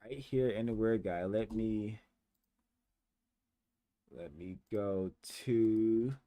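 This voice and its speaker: A man's voice: lowish voice, very slow, dark tone, dry recording. A man hosting a commentary program, speaking in an earnest, emphatic way. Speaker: host.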